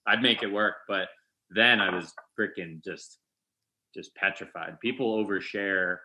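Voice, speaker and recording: A man's voice: sits low, measured pace, rough recording. A young man with a New York accent, a comedian guest telling funny stories in casual chat and acting out the voices of the people in them. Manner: animated, acts out voices in his stories.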